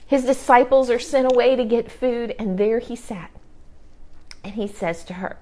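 A woman's voice: on the high side, steady tone, moderate pace, warm tone. A woman giving an earnest devotional talk over a livestream, repeating key phrases for emphasis. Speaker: ministry leader. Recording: livestream video.

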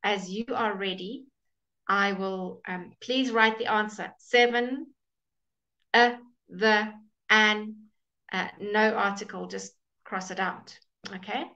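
Unhurried female teacher walking a class through grammar answers, muffled stream sound. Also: medium pitch, steady tone, sharp tone. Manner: slow, patient, explaining with repeated "okay?" checks. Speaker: English teacher. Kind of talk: live online grammar lesson.

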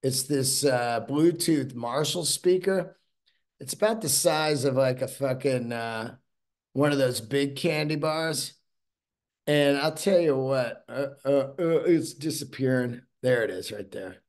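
A man's voice: mid-range voice, unhurried, darkish tone. Male podcast host, casual solo monologue, rambling, profane, enthusiastic.

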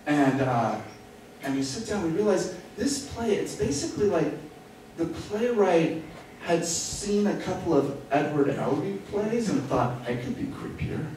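A man's voice: high voice, animated, measured pace. A man telling a self-mocking story on stage, acting out the quoted lines as he goes. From United States. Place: theater stage. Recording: echoey theater from far off, noisy.

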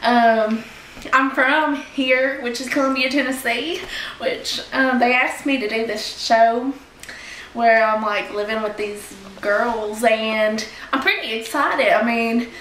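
A young woman playing a giggly small-town girl who loves horses, talking haltingly in a mock reality-show confessional. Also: a little high, a bit bright. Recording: echoey room with faint noise.

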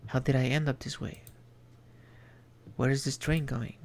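A man streaming an indie game, reading its text aloud in a measured, reflective way with small asides. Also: medium pitch, flat delivery, gravelly, a little mellow, slight background noise.

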